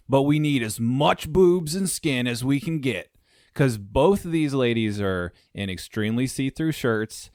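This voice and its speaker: A man's voice: fairly low pitch, no echo, clean studio sound. A man co-hosting a podcast, chatting casually about a movie in a laid-back, rambling way and laughing often. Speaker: podcast co-host. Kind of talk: casual movie review chat.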